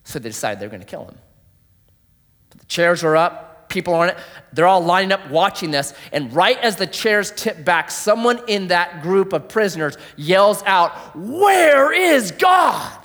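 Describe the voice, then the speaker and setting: A man preaching a sermon, telling a story dramatically, dropping to a hush and rising loud. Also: high voice, animated, normal speed. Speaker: pastor. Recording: long hall reverb.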